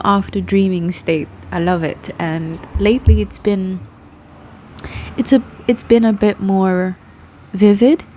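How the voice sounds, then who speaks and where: A woman's voice: mid-range voice, mellow, slight background noise. A woman, a tarot reader chatting loosely to her viewers, laughing often and swearing casually as her thoughts drift. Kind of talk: rambling casual chat to camera.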